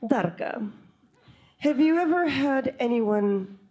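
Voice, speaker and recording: A woman quoting a strange male chiropractor, asking slow, probing questions. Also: very high-pitched, lively intonation, darkish tone, dull audio, heavily acted. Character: odd, intense male chiropractor.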